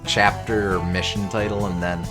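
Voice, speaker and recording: A man's voice: sits low, level tone, normal speed. A man playing a game on stream with easy, jokey commentary. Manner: easygoing, jokey. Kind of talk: casual gameplay commentary. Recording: stream mic with loud game music.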